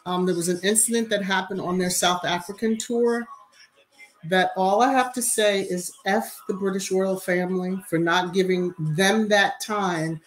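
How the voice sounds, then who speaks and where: A woman's voice: medium pitch, fairly even intonation, normal speed, rough recording. Chatty woman hosting a live stream. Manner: greets chat viewers by name, chatty and emphatic. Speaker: YouTube livestream host. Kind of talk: casual live-chat commentary.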